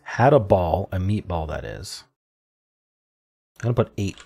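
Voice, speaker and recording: A man solving a crossword out loud, muttering clues and thinking aloud in an unsure, self-questioning way. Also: deep voice, very animated, a little slow, creaky, husky. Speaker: puzzle-solving video creator.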